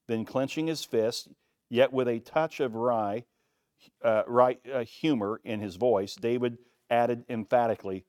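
A man delivers a sermon in a mid-range voice, building force as he reads passages aloud and leaning into slow, weighty pauses. The sound is dry and close, with no room around it. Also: medium pitch, fairly even intonation, darkish tone, dry recording. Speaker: pastor. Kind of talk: sermon with Bible reading.

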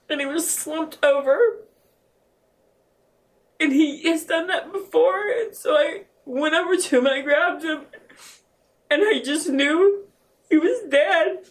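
A middle-aged woman telling an emotional personal account in a halting way, with many restarts, as an interview guest. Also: high-pitched, recorded from a distance. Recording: voice set back from the mic.

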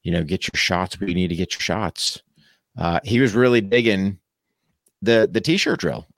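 A lower-pitched man chatting in a relaxed, conversational way about teaching shooting classes. He leans on "you know" as he talks, and the sound is dry and close to the mic. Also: normal speed, no room sound. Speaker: firearms instructor and podcast co-host. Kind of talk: casual chat.

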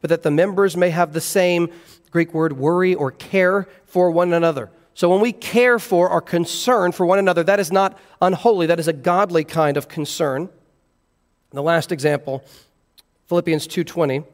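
A man's voice: fairly high pitch, normal speed, big-room sound. A man preaching an expository sermon, earnestly explaining scripture verse by verse. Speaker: pastor.

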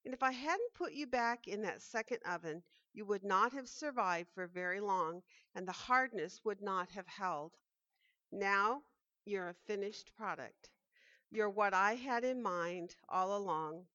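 Calm, wise male potter in a storybook tale, read by a woman; dry, muffled recording. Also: medium pitch, measured pace, no echo. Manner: calm and explaining. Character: patient wise male potter, the teacup's master.

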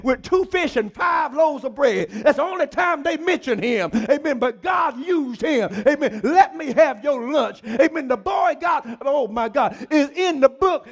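A man preaching a sermon as pastor, climbing into high shouted peaks and calling out to the congregation.

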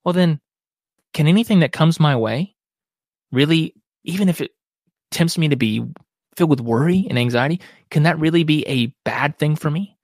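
A man's voice: a little high, normal speed, pauses often, a little mellow, no room sound, studio quality. A man being interviewed as a biblical counselor, speaking earnestly and reflectively in a conversational way. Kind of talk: podcast interview.

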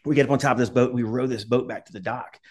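A middle-aged man who talks fast and rambles through a story. He swears freely and laughs along as he goes. His pitch sits in a plain middle range. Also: steady tone, darkish tone, slightly rough. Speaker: podcast guest, former Army skydiver. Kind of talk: casual storytelling.

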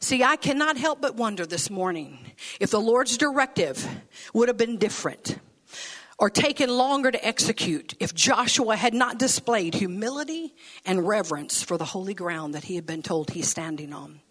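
Woman preacher, sermon, bright clear tone, lively, folksy, laughing asides. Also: mid-range voice, normal speed.

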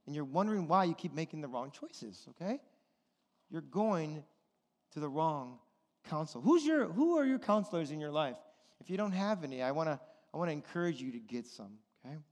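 A pastor whose voice sits high is preaching, his words trailing into the long reverb of a large hall. Animated, he shares a personal story and imitates the voices of the people involved.

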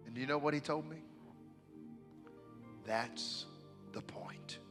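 A man preaching a sermon as pastor, swinging from hushed, quiet talk to loud, fervent shouting. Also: fairly high pitch, measured pace, in a large hall, music in the background.

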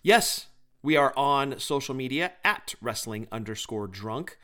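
A man's voice: medium pitch, lively intonation, measured pace, sharp tone. A man co-hosting a podcast, chatting casually and doing enthusiastic, joking plugs for other shows. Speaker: podcast co-host.

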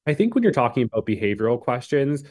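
A man answering interview questions about job hunting in a measured way, with frequent ums and uhs. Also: mid-range voice, very animated, a little mellow. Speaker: career advice guest.

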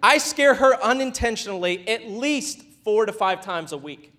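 A man preaching a sermon in a casual, conversational way, with playful asides, acted-out quotes and rises to a shout at high points. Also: lively intonation, normal speed. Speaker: pastor.

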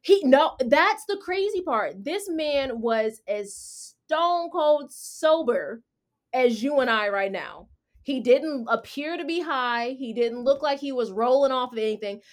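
A woman's voice: high voice, measured pace. A woman hosting a casual chat, telling a story with slang and acting out what people said. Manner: animated, slangy, acts out quotes. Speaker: podcast host.

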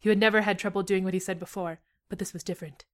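A young woman reads her own fan fiction aloud at a middling pitch, letting the story carry her voice. She breaks off now and then with giggly asides to her co-host. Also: fairly even intonation, very fast.

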